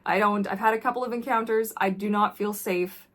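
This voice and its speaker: A woman vlogger talking candidly to camera in a blunt, intense way that drops to quiet when the subject gets heavy. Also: mid-range voice, fairly even intonation, a little fast, few pauses.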